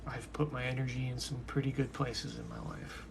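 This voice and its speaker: A man's voice: medium pitch, little pitch movement, brisk, vocal fry, noisy background. A young man rambling to himself in a casual monologue, drifting from one topic to the next. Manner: musing, talks to himself, drifts between topics.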